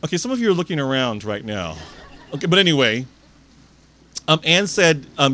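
A man's voice: a little high, normal speed, long pauses. A male preacher telling a story in a sermon, acting out the people in it. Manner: animated storyteller, acts out characters.

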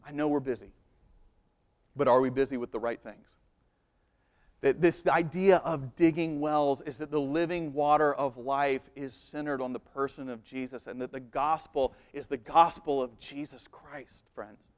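A man's voice: mid-range voice, fairly even intonation, normal speed. A man, likely in his thirties, preaching a Sunday sermon and telling stories with humor and shifting emphasis. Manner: storytelling with humor and varied emphasis. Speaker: pastor.

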